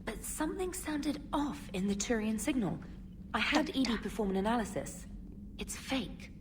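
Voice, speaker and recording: An actress plays a brisk starship comms officer briefing her commander. The game audio sounds distant from the mic with a faint hiss. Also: a little high, animated, lightly acted. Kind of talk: video game dialogue.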